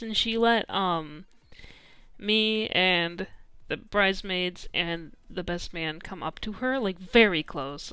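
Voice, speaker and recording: A woman's voice: mid-range voice, fairly bright tone, clean tone, dry recording, studio quality. A young adult woman streamer telling a story in casual chat, full of "like" and "um" and frequent laughter. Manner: chatty, peppered with "like" and "um", laughing often.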